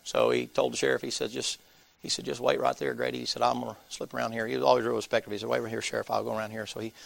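A man's voice: mid-range voice, level tone, rapid-fire, creaky. A man, preaching by telling a folksy story and acting out the people's voices. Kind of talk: sermon storytelling.

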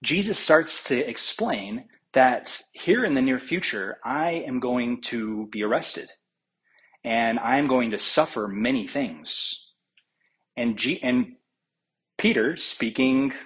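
A man preaching with a husky, breathy voice at an ordinary pitch. He retells scripture as a story, slipping into the words of its figures and pausing with fillers as he thinks aloud. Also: animated, fairly bright tone, low-quality recording. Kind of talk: sermon.

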